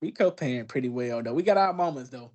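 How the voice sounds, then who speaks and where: A man's voice: medium pitch, lively intonation, fast, a little mellow. A man co-hosting a podcast in casual chat, laid-back and profane, often chiming in with agreement. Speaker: podcast co-host.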